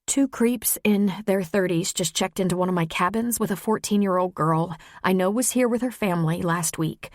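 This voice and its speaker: A woman's voice: mid-range voice, normal speed, few pauses, a little mellow, no echo, studio quality, lightly acted. A woman reading an audiobook, voicing a frightened young woman who runs a camp store, urgent and pleading.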